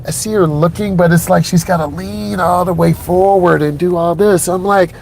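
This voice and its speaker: In a car on city streets, a middle-aged driving instructor speaks to viewers in a high-pitched, gravelly voice with a darkish, steady tone. At a moderate pace, he narrates the lesson emphatically and repeats himself, over slight background noise.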